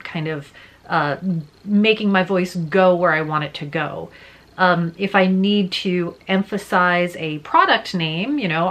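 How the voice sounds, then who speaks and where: A young adult woman who works as a voice-over artist and teacher, talking casually to camera and explaining with lively hand gestures. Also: mid-range voice. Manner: animated, gestures with her hands while talking.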